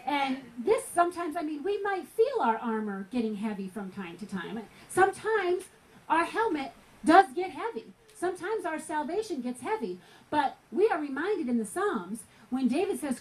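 A woman's voice: high-pitched, sing-song, moderate pace, a little mellow, poor audio. A woman preaching at a gospel tent meeting, telling a personal story earnestly, sometimes laughing.

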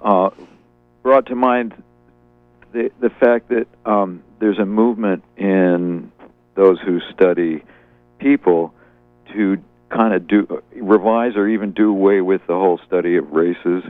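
Male caller, very deep and dry, thoughtful, filler-heavy, tinny phone. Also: steady tone, unhurried, dry recording, faint music behind. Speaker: radio caller. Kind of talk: phone-in comment.

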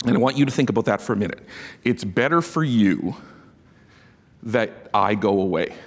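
Animated pastor in a reverberant hall. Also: male voice, lowish voice, moderate pace. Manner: animated storytelling, laughing at his own asides. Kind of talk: sermon. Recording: long reverb of a large hall.

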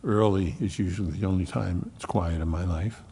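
Gravelly-voiced male preacher in a hall. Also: low voice, moderate pace, a little hiss or hum. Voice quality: gravelly, husky voice. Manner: preaches with strong swings from loud emphasis to hushed near-whispers. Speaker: pastor. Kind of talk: sermon.

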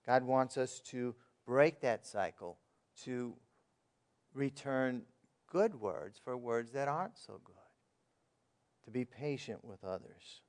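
A man's voice: medium pitch, lively intonation, slow pace, long pauses. A man preaching a sermon in a plain, conversational way, asking his listeners questions and reading verses aloud. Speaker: pastor.

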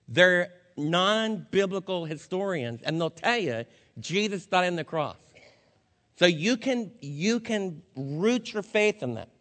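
A man's voice: high voice, fairly bright tone. Earnest male pastor in an echoing hall. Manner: conversational, earnest, speaks straight to the congregation. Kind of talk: funeral sermon. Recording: long reverb of a hall.

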